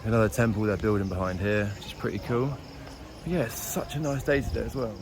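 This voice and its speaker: A man's voice: fairly low pitch, fairly even intonation, fast talker. A young man talking casually to the camera while climbing steep stairs outdoors, out of breath, chatty and self-mocking. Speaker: travel vlogger. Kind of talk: casual vlog narration while hiking. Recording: outdoor camera audio with clear background noise.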